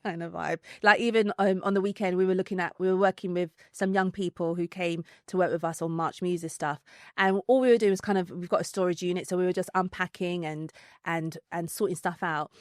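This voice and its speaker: A woman with a London accent, a podcast guest telling a story in casual chat, animated, laughing often, with many fillers and restarts. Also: on the low side, a little fast, no echo, studio quality.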